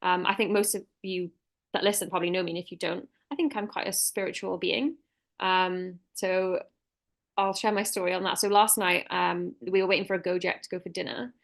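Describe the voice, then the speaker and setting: Fast-talking chatty woman co-host. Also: on the low side, steady tone, creaky. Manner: rambling, chatty storytelling with many fillers. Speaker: podcast co-host. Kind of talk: casual chat.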